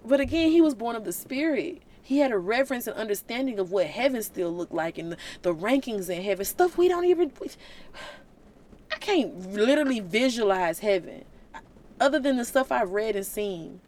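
Animated woman preaching casually. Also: fairly high pitch, normal speed. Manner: colloquial, animated, conversational. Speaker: Christian vlogger.

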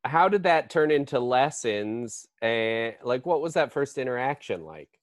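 Male co-interviewer, calm and dry, mid-pitched, dry close sound. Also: unhurried, no room sound. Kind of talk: improv comedy interview.

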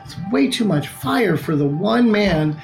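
A game master narrating a tabletop game, slowing down for scene-setting description. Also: mid-range voice, expressive, music in the background, poor audio.

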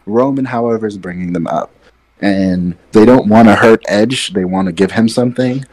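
A man co-hosting a podcast, giving his opinions in relaxed casual chat while sitting away from his mic. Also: on the low side, normal speed, low-quality recording. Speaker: podcast co-host.

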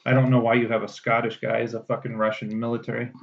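A man's voice: medium pitch, monotone, fast, creaky, slight background noise. Rambling, cursing man on a lo-fi podcast. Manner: rambling, profane, many restarts. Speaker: podcast co-host. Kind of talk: casual chat. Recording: dull lo-fi sound.

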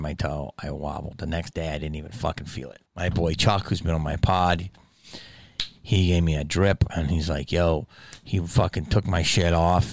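In a casual monologue, a low-pitched male podcast host tells a profane story that rambles along, with no audible room sound.

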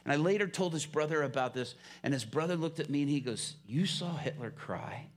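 A man's voice: fairly high pitch, fast talker. A man preaching a sermon who tells a story with drama and acts out the dialogue himself.

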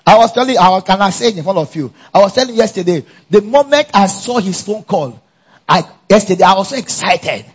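High husky preacher man. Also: brisk, muffled recording. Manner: animated, call-and-response with congregation. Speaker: pastor. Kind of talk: sermon. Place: church conference.

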